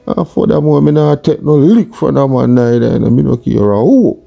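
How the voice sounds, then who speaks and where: A man's voice: mid-range voice, lively intonation, normal speed, vocal fry, warm tone, lo-fi sound, faint music behind, voice pushed up. A man voicing a defiant, unruly young Jamaican man talking back to his father with a Jamaican accent. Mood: sulky defiant. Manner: sulky, muttering back, defiant.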